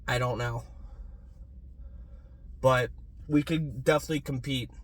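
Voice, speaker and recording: A young man ranting in a casual sports fan vlog, swearing freely and swinging from low muttering to loud yelling. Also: steady tone, a little slow.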